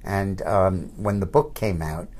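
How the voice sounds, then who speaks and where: Older man, political commentator, casual anecdotes, deep voice, husky. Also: measured pace, a little mellow. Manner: anecdotal storytelling, frequent restarts. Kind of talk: casual chat.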